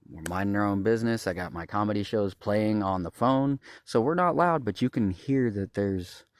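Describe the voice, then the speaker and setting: A man with a low voice rants at his camera in a rambling outdoor vlog, agitated and profane. His voice sounds dry and close, with little room sound around it. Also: moderate pace, dry recording. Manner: agitated, profane, points things out to viewers. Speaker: vlogger. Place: outdoors at a campground by his trailer.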